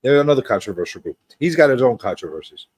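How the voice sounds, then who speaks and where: A man's voice: medium pitch, very animated, fast, a little mellow, slightly rough, no echo. A man hosting a casual livestream chat, greeting viewers one by one with a rambling, teasing, joking manner. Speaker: host.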